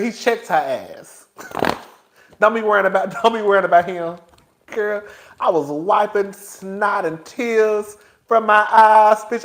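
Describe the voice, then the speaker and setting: High-voiced man telling a dramatic story. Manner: animated and dramatic, laughing often, calling listeners girl. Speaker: vlogger. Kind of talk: casual storytelling to camera.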